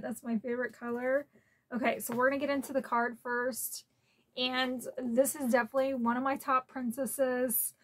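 A woman's voice: high voice, steady tone, a little slow. A woman hosting a casual unboxing vlog at home, chatty and openly emotional, close to tears at times. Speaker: collector channel host.

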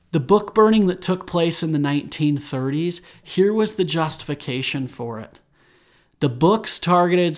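A young man hosting a solo podcast, talking earnestly with restarts and fillers. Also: a little high. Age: young adult. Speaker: podcast host.

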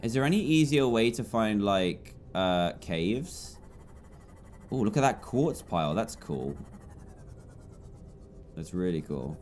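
A man's voice: big pitch swings, slow pace, pauses often, a little hiss or hum. A man in his twenties with an English accent, chatty and jumpy as he commentates his own gameplay. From England. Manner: jumpy, chatty, swings between low mutters and loud yelps. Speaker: gaming YouTuber.

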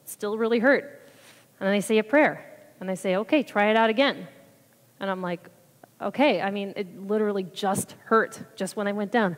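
A woman's voice: medium pitch, moderate pace. Woman giving testimony in a reverberant hall. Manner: animated, acts out her own reactions. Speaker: church member giving a mission trip report. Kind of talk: personal testimony storytelling.

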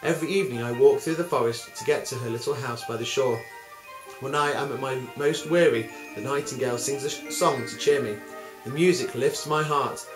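A humble young kitchen maid, voiced by a male storyteller, patient and quiet. Her lines sit in a reverberant space with music playing behind. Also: mid-range voice, a little fast, natural voice. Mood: gentle.

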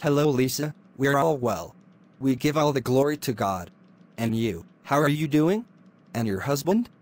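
A man voicing a calm devout big brother. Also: medium pitch, normal speed, natural voice. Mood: polite.

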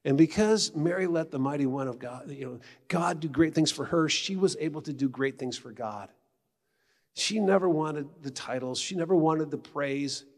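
A middle-aged man giving a retreat talk in a conversational, animated storytelling way. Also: a little high, normal speed. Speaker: retreat speaker. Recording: long hall reverb.

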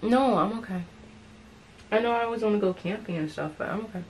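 A woman's voice: mid-range voice, fast talker, darkish tone, a little hiss or hum, rough recording. A woman, the daughter, chatting casually while eating on camera, sounding fed up with being poked and teased. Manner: exasperated and chatty. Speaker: daughter co-hosting a mukbang.

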